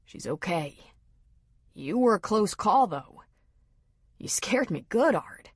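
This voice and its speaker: A woman voicing a gentle, calm man reassuring a frightened friend. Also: mid-range voice, takes it slowly, breathy edge, no room sound, studio quality, exaggerated voice. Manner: soothing, calm.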